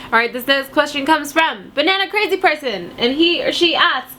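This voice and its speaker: A woman's voice: sits high, expressive, moderate pace, bright, forceful tone, slight background noise. A woman in her twenties with a cold, chatting casually to camera as she answers viewer questions in a silly, playful way. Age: 20s. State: has a cold.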